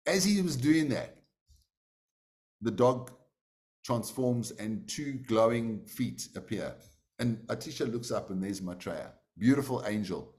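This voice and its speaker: A man's voice: mid-range voice, expressive, a little slow, a little mellow. A man teaching a class, telling a story in a conversational way with many fillers. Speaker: meditation teacher. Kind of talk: storytelling in a lesson.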